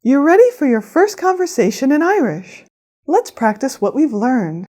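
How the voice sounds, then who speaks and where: Lively, high-voiced woman teaching a language. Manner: clear, measured instruction with careful pronunciation. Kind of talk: scripted lesson narration.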